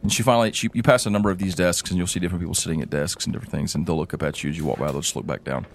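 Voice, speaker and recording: A man's voice: sits low, fairly even intonation, racing, slight background noise. A man narrating a tabletop game as game master, rambling with fillers.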